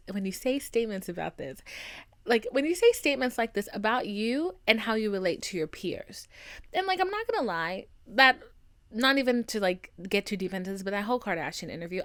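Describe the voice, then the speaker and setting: A woman's voice: medium pitch, fairly bright tone. A young woman hosting a podcast, ranting casually in a blunt, profane way with lots of "like" fillers. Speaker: podcast host. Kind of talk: casual solo podcast rant.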